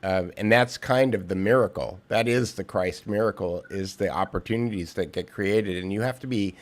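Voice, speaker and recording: A man as a podcast guest, chatting casually and telling a joke in a halting, rambling way full of restarts, heard over a remote call. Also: fairly low pitch. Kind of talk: casual conversation with storytelling.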